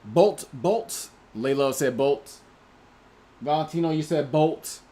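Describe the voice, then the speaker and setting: A man's voice: on the high side, slow, mellow. A man hosting a casual livestream, reading out viewers' names and chatting in about their movie picks. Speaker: livestream host.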